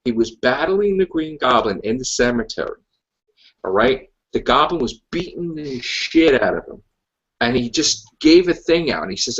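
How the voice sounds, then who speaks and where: Ranting man with a lively voice. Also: mid-range voice, normal speed, muffled recording. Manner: ranting, emphatic, repeats himself. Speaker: podcast host. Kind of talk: casual chat.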